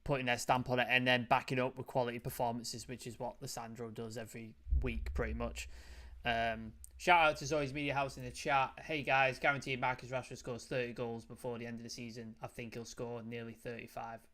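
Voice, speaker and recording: Man, football chat host, monotone, filler-heavy, middle pitch. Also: a little fast. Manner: loose and chatty, many fillers, reads chat messages. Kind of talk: casual football review chat.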